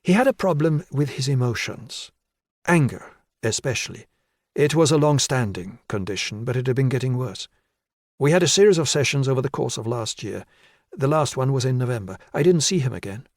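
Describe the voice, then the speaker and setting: A man's voice: medium pitch, animated, a little fast, dry recording, studio quality. A man voicing a nervous woman psychiatrist in her late forties in an audiobook, speaking hesitantly and carefully.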